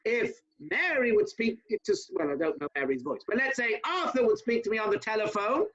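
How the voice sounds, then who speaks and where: A man, a rabbi, teaching an informal class over a video call, talking fast with chatty asides to his listeners. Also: high voice, expressive, a bit bright, lo-fi sound.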